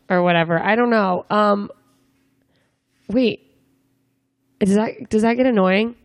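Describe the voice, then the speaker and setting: A woman's voice: medium pitch, a little slow, long pauses, no room sound, clean studio sound. A young woman interviewing a guest in a casual chat, asking rambling, joking questions with lots of fillers. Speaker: interviewer, comedian.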